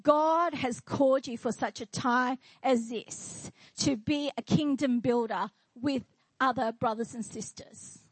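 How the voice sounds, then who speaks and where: High-voiced woman preaching a sermon. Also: measured pace, slightly rough, dry recording, poor audio. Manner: declaring, rhetorical questions to the congregation. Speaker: pastor. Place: church.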